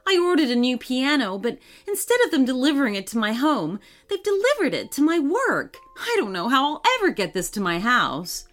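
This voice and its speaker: A woman's voice: high voice, big pitch swings, fairly quick, few pauses, a bit bright, faint music behind, pitched above the performer's own voice. A woman voicing a frustrated, flustered grown woman vet in a storybook reading.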